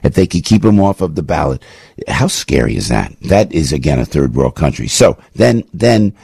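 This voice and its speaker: A male radio show host delivering an impassioned, ranting commentary monologue, full of rapid restarts, into a studio microphone. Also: extremely low pitch, sing-song, vocal fry, darkish tone, breathy edge, dry recording.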